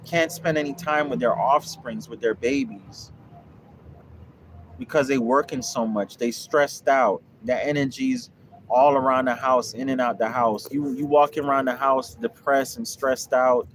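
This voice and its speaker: A man's voice: mid-range voice, animated, unhurried, slight background noise. A young man who runs a land investing course, talking casually and bluntly on a livestream, swearing and repeating himself as he preaches. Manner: blunt, profane, repetitive preaching. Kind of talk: casual livestream talk answering viewers.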